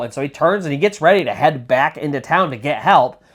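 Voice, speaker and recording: A man's voice: fairly high pitch, lively intonation, fairly quick. A man retelling a scary story in a casual, dramatic way, full of fillers like "like". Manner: chatty, dramatic, lots of "like" fillers.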